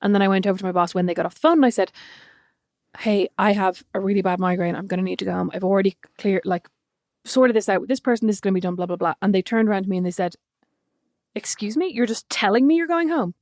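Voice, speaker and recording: A woman's voice: mid-range voice, fairly even intonation, racing, a little mellow, dry recording, clean studio sound. A woman co-hosting a podcast, telling stories in casual chat, laughing often and swearing casually. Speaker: podcast co-host.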